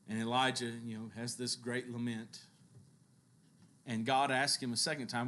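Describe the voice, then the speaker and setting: A man preaching a sermon who tells Bible stories with lively, acted-out quotes and occasional chuckles. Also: normal speed. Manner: animated storytelling, acting out biblical quotes with shifts in pitch and loudness.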